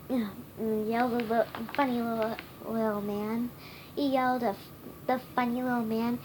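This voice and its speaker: A woman's voice: a little high, noisy background. A woman reading a children's storybook aloud, stumbling and restarting words often. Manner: halting, stumbling reading with many restarts and self-corrections. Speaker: reader.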